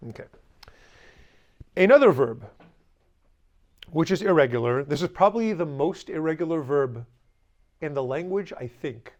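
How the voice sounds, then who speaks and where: A man's voice: a little high, animated, normal speed, long pauses, darkish tone, lo-fi sound. Blunt, teasing male language teacher. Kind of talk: classroom lesson with call-and-response drills. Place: classroom.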